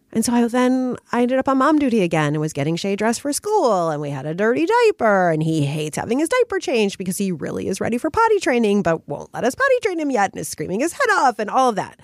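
A candid woman tells a personal story as a podcast host, her voice a little worn from a recent cold. Her pitch swings widely as she talks, full of "like" and "right?". The sound is close and dry, with no room around it. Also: quick pace, hardly any pauses, no room sound. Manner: candid and expressive, frequent "like" and "right?". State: recovering from a cold.

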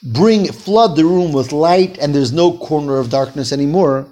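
Man, Torah teacher, fairly high voice, reads and explains a text, quizzes the class. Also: moderate pace, mellow. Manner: reads Hebrew phrases then translates, asks students questions.

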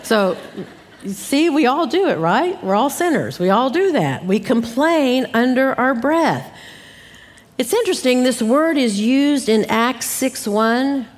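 A middle-aged woman Bible teacher giving an emphatic, animated sermon straight to her listeners. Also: high voice, a little slow. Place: church hall at a live conference. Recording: live church hall with long reverb.

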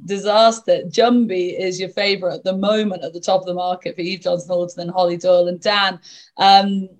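A woman hosting a horse racing betting podcast, brisk and bubbly, quick to laugh. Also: lowish voice, fairly even intonation. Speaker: podcast host.

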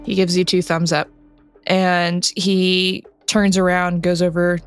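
Low-voiced woman game master narrating. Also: slow, smooth, faint music behind. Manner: relaxed, conversational, with frequent laughs. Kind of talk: narrating a tabletop role-playing game.

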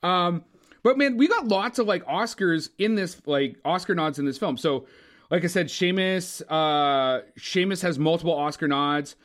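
A man co-hosting a casual movie podcast, talking in an animated, opinionated way with frequent swearing. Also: a little high, moderate pace. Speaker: podcast co-host. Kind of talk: casual movie review chat.

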